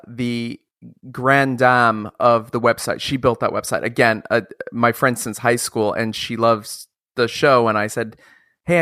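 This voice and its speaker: Animated, profane male podcast host. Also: mid-range voice, dry recording, clean studio sound. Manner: animated, profane, laughing storyteller. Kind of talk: casual storytelling chat.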